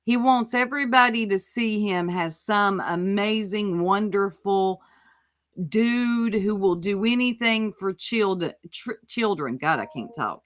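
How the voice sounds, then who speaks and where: A woman's voice: mid-range voice, animated, slow. A woman hosting a casual commentary livestream, sassy and exclamatory, reading chat aloud and reacting to a clip. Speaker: livestream host.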